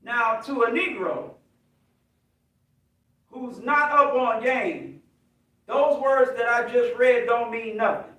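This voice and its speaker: Slow, deliberate and expressive, this high-voiced American minister leads a call-and-response sermon, hailing his congregation and climbing toward shouts. The mic sits far from him, and the hall echoes heavily.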